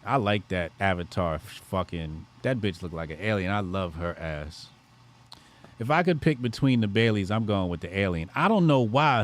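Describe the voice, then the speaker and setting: A male livestream host with a very lively, animated pitch that swings up and down. He talks in a crude, joking way, answering his chat as the questions come in. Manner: profane, joking, reacting to chat.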